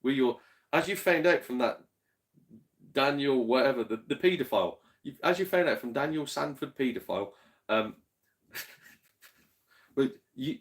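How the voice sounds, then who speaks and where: A man's voice: medium pitch, animated, unhurried, long pauses. A man streaming live, reading chat and telling stories in a casual, sweary, laughing way, a bit tipsy. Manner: chatty, swears freely, laughs often, tipsy. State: slightly tipsy.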